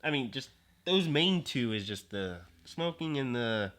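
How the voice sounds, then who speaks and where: A man's voice: medium pitch, animated, a little slow, a bit bright. Hesitant young man rambling. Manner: hesitant, rambling with many fillers. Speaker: podcast guest. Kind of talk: casual chat.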